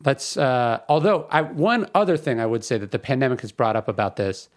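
A man's voice: mid-range voice, a little fast, slight background noise. A man in his thirties hosting a podcast, talking in a casual, emphatic way that slides into a rant. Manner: conversational, ranting, emphatic with repetition. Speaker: podcast host. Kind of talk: casual spoken commentary.

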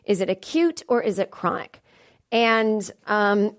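A woman's voice: medium pitch, moderate pace. Chatty woman podcast host. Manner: chatty, animated storyteller acting out quoted voices. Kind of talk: casual solo comedy podcast chat. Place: podcast studio.

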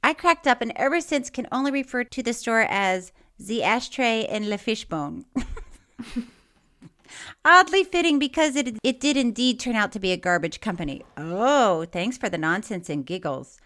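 A woman's voice: on the high side, expressive, moderate pace, hardly any pauses, fairly bright tone. A woman co-hosting a podcast in casual chat, reading listener mail in a playful, giggly way. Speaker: podcast co-host.

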